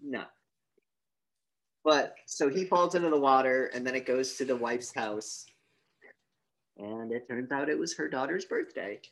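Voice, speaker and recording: A young man co-hosting a casual podcast movie review, retelling the plot with animated quotes of the characters. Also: mid-range voice, unhurried, creaky, pauses often, poor audio. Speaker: podcast co-host.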